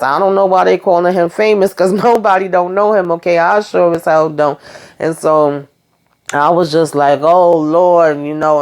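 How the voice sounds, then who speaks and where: Brief: woman vlogger with a deep voice, slangy, relaxed TV recap that acts out the dialogue. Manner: chatty, slangy, retells scenes acting out the lines. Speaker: TV recap host. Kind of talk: casual episode recap.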